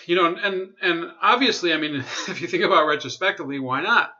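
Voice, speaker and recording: A man's voice: on the high side, fast talker, sharp tone, muffled recording. A man giving rambling, blunt commentary in a casual video, full of fillers, restarts and profanity. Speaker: political commentary vlogger.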